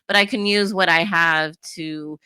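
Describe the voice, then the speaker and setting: A woman's voice: lowish voice, fairly even intonation, measured pace, pushed and bright, clear, resonant tone, dry recording. A woman co-hosting a podcast, chatting casually and telling stories with frequent laughs. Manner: chatty, laughs often, storytelling. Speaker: podcast co-host; youth soccer coach. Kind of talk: casual chat.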